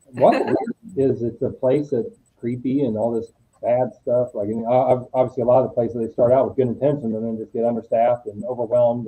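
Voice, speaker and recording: A middle-aged man, a podcast guest, telling a story in an animated, digressive way. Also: mid-range voice, poor audio. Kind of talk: casual storytelling.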